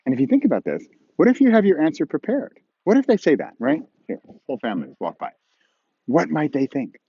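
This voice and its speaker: An animated man teaches a writing lesson outdoors, playfully acting out voices and questions with a lively, swooping pitch. The sound is dry and a little dull, as if from a small camera mic. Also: fast, husky, dry recording. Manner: playful, acts out tones and imagined dialogue. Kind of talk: casual outdoor video lesson. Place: outdoors on a snowy slope with skiers passing.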